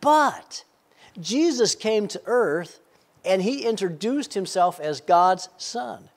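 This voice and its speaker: A man's voice: sits high, lively intonation, takes it slowly. A man preaching a sermon, telling an illustration with frequent stammered repeats. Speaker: pastor.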